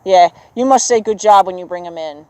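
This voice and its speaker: A horse trainer coaching a student through a riding lesson in an outdoor arena. The trainer keeps praising the horse and explains things in a relaxed, chatty way. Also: medium pitch, brisk, no echo, poor audio. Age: adult with children. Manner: encouraging, praises the horse often.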